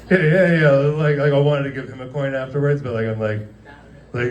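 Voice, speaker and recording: A man's voice: medium pitch, moderate pace, darkish tone, far from the mic, slight background noise. A man in his thirties doing casual stand-up in a restaurant, rambling and laughing through his stories with lots of "like". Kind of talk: casual stand-up comedy storytelling. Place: dimly lit restaurant, live audience.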